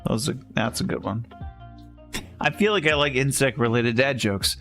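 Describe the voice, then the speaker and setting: A man's voice: mid-range voice, expressive, normal speed, a bit bright, soft background music. A man livestreaming a game, telling dad jokes in a rambling, self-amused way. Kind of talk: casual chat while gaming.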